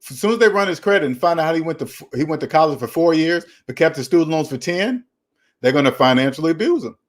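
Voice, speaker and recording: A man's voice: fairly high pitch, lively intonation, fast talker. Emphatic man lecturing on money. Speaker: finance channel host. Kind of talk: casual opinionated talk.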